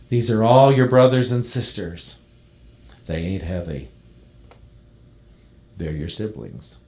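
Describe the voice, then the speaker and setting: A man preaching a sermon, reading a devotional text aloud and then speaking gently to his congregation. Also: deep voice, animated, slight background noise. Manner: reads a devotional poem aloud, then preaches in a soft, slowing voice. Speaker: minister.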